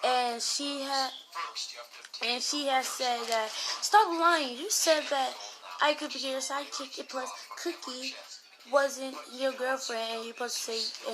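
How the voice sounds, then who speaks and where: A woman telling a casual story about an online game in a rambling way, getting louder when she quotes other people. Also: on the high side. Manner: rambling retelling with raised voice when quoting others.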